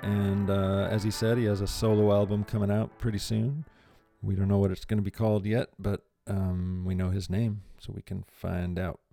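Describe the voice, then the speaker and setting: A man's voice: on the low side, flat delivery, normal speed, creaky, warm tone, no room sound, faint music behind. Friendly male podcast host. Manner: friendly, encouraging listener. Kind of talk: casual chat.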